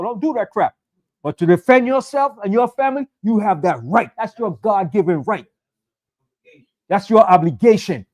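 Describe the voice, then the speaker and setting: High-voiced man preaching with fire. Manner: fiery, conversational preaching with emphatic repetition. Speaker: pastor. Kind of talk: sermon.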